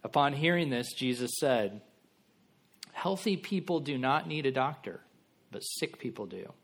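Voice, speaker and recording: Man preaching in a relaxed, conversational way. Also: mid-range voice, measured pace. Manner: conversational, acts out the biblical characters in casual voices. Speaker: pastor. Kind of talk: sermon.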